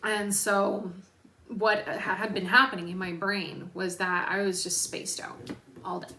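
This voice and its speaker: Bright-voiced young woman, frank and casual. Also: mid-range voice, level tone, unhurried, a little hiss or hum. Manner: frank, swears freely, many fillers. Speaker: personal trainer and vlogger. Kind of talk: candid casual monologue. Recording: echoey room.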